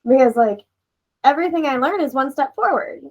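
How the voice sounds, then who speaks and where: A woman speaking as a guest artist on a casual podcast, enthusiastic, rambling and quick to laugh. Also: high-pitched, expressive, poor audio. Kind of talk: casual podcast interview chat.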